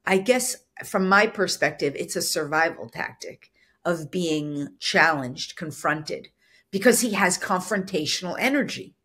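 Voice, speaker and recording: Husky woman, soft yet firm teaching voice. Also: fairly low pitch, animated, unhurried. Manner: earnest, explanatory, acts out little quoted lines. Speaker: spiritual business coach. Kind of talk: solo podcast teaching.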